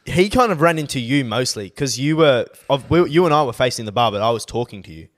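A man's voice: medium pitch, expressive, fast talker. A man co-hosting a podcast, rambling in casual chat, swearing and tacking "bro" onto his sentences. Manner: rambling, says "bro" a lot, profane. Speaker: podcast co-host.

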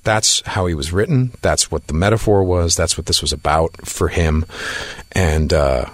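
A man with a very low voice tells an interview story, acting out the other people in it and tripping over his restarts. The sound is dry and close, with no room around it. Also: moderate pace, no echo. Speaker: actor guest.

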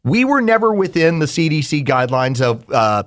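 A man hosting a comedy podcast, reading sponsor spots and recounting events step by step in a steady, methodical way. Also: fairly high pitch, moderate pace. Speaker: podcast host and radio host. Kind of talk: casual comedic podcast talk.

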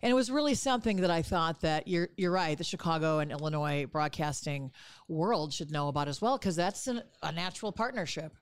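Lady host, smooth clear voice, easygoing chat, dry sound. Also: sits low, brisk, no room sound. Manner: affirming, conversational. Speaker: interviewer host. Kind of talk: casual interview talk.

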